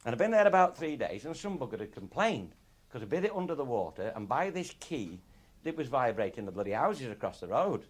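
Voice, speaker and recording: A man's voice: mid-range voice, very animated, a little fast. A middle-aged man, telling comic stories to a live audience in an earthy, swearing manner and chuckling along. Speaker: raconteur.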